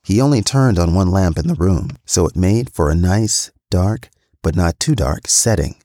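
A man with a very low voice reads a first-person story aloud. His delivery is steady and matter-of-fact. The recording is dry and close. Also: normal speed, no echo. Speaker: podcast storyteller.

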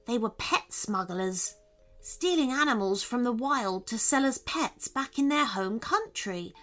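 A woman voicing a gentle, earnest little male lizard in a children's storybook reading, speaking softly. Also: on the high side, animated, a little slow, faint music behind.

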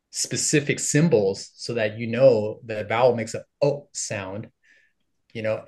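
A young man from the States talks casually as a podcast guest, with plenty of "you know" and "like" between his points. He laughs easily as he tells his stories. His pitch sits in an ordinary middle range for a man. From United States. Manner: chatty, filler-heavy, laughs often. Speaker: podcast guest, content creator. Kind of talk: casual interview conversation.

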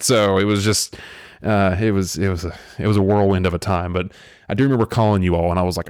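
Casual podcast host guy, kinda low voice, rambles with lots of likes, dry room. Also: steady tone, fast, darkish tone, smooth, no room sound. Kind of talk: casual storytelling chat.

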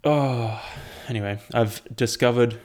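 A man's voice: mid-range voice, measured pace, a little mellow. A young man, rambling through casual, profane chat as a podcast host. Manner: rambling and profane, with frequent ums.

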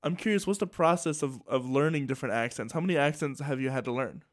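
A podcast host chatting casually with a guest, asking short questions. The voice sits at a middle pitch, and the delivery is hesitant, full of "uh" fillers and restarts. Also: quick pace. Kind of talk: casual interview chat.

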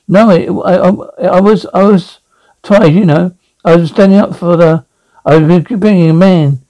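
A man's voice: sits high, steady tone, measured pace, dark tone, poor audio. An actor playing a meek, nervous middle-aged insurance salesman who stammers and apologizes in a TV drama. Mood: flustered. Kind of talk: TV drama acting.

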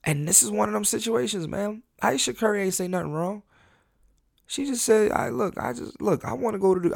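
A man hosting a solo podcast in casual, profane talk, animated, often restarting and repeating words as he rants. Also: sits high, brisk, vocal fry, no echo, clean studio sound. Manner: animated, repetitive restarts, profane, laughs at himself. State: high on an edible. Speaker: podcast host.

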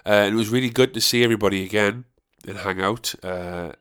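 A man's voice: fairly low pitch, fast, fairly bright tone, clean tone. A man hosting his own podcast, rambling casually, swearing freely and wandering off on tangents. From North East England. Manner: loose, sweary and meandering. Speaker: podcast host.

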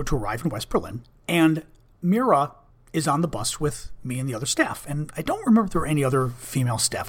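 A man's voice: medium pitch, husky. A man in his fifties candidly telling a personal story in a casual monologue, conversational and blunt. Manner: candid, conversational, with fillers and restarts, blunt language. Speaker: vlogger, former Senate staffer.

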